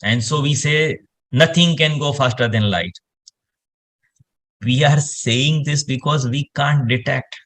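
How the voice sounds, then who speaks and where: A man's voice: medium pitch, takes it slowly, a bit bright. A man, explaining space science in casual conversation and rambling with lots of "you know" fillers.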